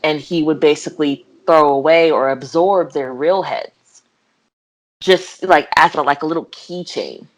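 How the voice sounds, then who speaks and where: Giggly low-voiced young woman. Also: a little slow. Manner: giggly, animated retelling with voiced quotes. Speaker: podcast co-host. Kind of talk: casual chat.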